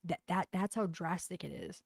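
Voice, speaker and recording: On a livestream, a woman from Boston, USA, with a thick Boston accent reads out comments and chats bluntly and profanely. Her voice is fairly low, gravelly and slightly rough, at normal speed with no echo.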